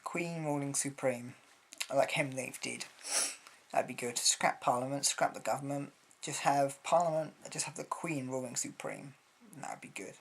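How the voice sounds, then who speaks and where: A man's voice: mid-range voice, steady tone, normal speed, vocal fry, a little hiss or hum. A man from Britain, rambling through a casual opinion vlog with blunt words and lots of hesitations. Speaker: vlogger.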